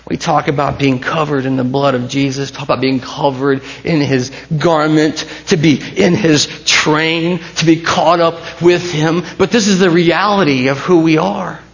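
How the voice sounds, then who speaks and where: A man preaching a sermon as pastor, swinging between hushed intensity and rising passion. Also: fairly high pitch, fairly even intonation, unhurried, few pauses, highs cut off.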